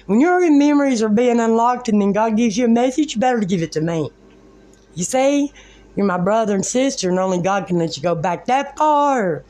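A woman's voice: medium pitch, a little mellow. Rambling, preachy woman talking to camera. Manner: colloquial, with folksy grammar. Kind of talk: rambling religious monologue.

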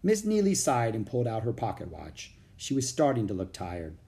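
A man narrating a children's chapter book, expressive, doing all the character voices. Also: fairly low pitch, moderate pace.

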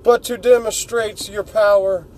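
A man's voice: high voice, fairly even intonation, a little slow, darkish tone, voice pushed up, low-quality recording. A man voicing a cruel, smug male alien tyrant with a mocking, condescending manner.

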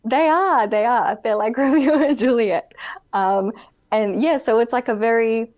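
A woman's voice: on the high side, unhurried, a little mellow. Bubbly young woman on a lo-fi call. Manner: chatty, bubbly, laughs often, uses "like" a lot. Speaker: pageant contestant, guest. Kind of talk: casual interview chat.

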